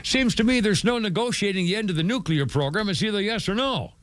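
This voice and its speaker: A man's voice: high-pitched, lively intonation, fast talker, no room sound. A man hosting a talk radio show, rambling through the news with many stammers, restarts and asides. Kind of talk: casual talk radio commentary. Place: radio studio. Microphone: studio microphone.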